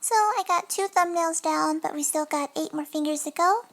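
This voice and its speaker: A woman's voice: high voice, normal speed, fairly bright tone. A young woman in a casual, chatty voice-over, narrating her nail art at home and often apologizing between fillers. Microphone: desk mic.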